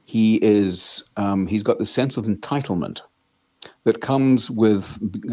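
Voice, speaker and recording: A man's voice: lowish voice, slow pace, a little mellow, dry recording. A man who is an investment analyst, speaking as a guest in a casual interview, blunt and emphatic, often repeating words. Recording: dull lo-fi, dry sound.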